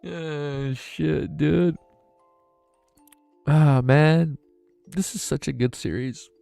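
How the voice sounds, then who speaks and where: A man's voice: on the high side, steady tone, extremely slow, creaky, mellow, clear, resonant tone, no echo. Male streamer reading a novel live, emotional and slangy, trips over words, faint music underneath. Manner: emotional, stumbling over words, laughing at own misreads; casual, slangy, says man and dude a lot. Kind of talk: live-stream read-aloud with chat.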